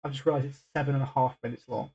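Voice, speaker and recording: A man's voice: medium pitch, little pitch movement, racing, mellow, breathy edge, muffled recording. A man hosting a reaction video, talking casually and hesitantly with lots of fillers and restarts.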